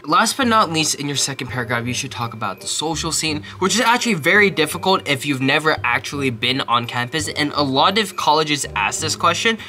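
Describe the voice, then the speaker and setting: A young man from Texas giving casual advice to applicants, animated and self-mocking, dropping quick mumbled asides to himself. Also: fairly high pitch. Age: young adult. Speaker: college student giving essay advice.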